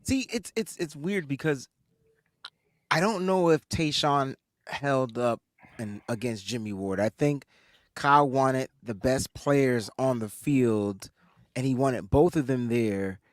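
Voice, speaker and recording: A man's voice: medium pitch, takes it slowly, no echo, clean studio sound. A man co-hosting a casual sports podcast, joking and laughing as he teases the others. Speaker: podcast co-host. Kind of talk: casual chat.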